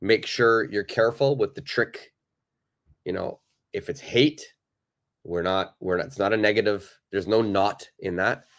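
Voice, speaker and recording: A man's voice: fairly low pitch, measured pace, fairly bright tone. A man teaching a live online English lesson, chatting loosely with many fillers and reading from the chat.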